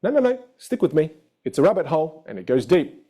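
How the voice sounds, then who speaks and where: A man in his thirties with an Australian accent, coaching on voice in a playful, energetic stage-teaching manner. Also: a little high, fairly quick. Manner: animated, playful, emphatic. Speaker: voice and communication coach.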